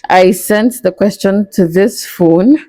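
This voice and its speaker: A woman's voice: mid-range voice, takes it slowly, warm tone, no room sound. A young woman, answering viewer questions in a candid, playful way that breaks into frequent laughs. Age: 20s. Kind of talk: casual Q&A vlog.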